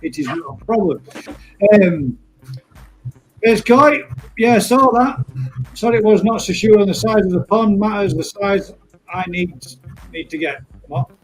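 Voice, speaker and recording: A man's voice: sits high, lively intonation, unhurried, long pauses, slightly rough, poor audio. A man hosting a live stream, chatting casually and laughing often as he calls people mate.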